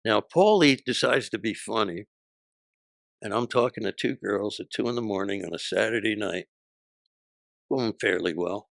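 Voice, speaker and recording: A man in his sixties, a comedian guest, telling stories in casual chat with a punchy, profane delivery and quick character voices when he quotes people. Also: fairly low pitch, gravelly, a bit bright, dry recording, studio quality.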